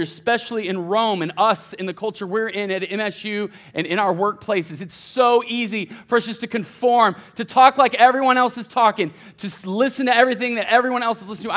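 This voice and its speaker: Youngish guy preaching to college crowd, bit high voice, casual, gets loud then quiet. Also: a little fast, few pauses. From United States. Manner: conversational preaching, fillers and restarts, swings from soft to loud. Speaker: college pastor. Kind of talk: sermon.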